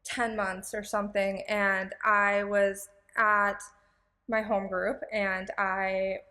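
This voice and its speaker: A woman's voice: medium pitch, little pitch movement, slow, sharp tone, in a large hall. A young woman guest on a podcast, telling her story in a candid, emotional way with lots of fillers and restarts. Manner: rambling, filler-heavy storytelling with many restarts; emotional and candid, close to tears. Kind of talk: casual podcast chat.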